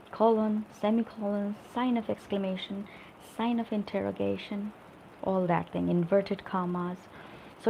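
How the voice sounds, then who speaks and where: A woman's voice: mid-range voice, creaky, darkish tone, a little hiss or hum, rough recording. A middle-aged woman teaching spoken English in a live online lesson, explaining with examples and often checking in with "right?".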